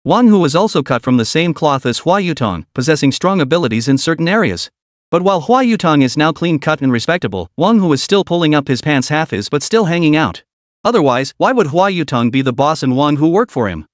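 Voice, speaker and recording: Guy narrating a comic story, dramatic, pitch jumps around a lot, dry close sound. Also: very animated, fairly quick, dry recording.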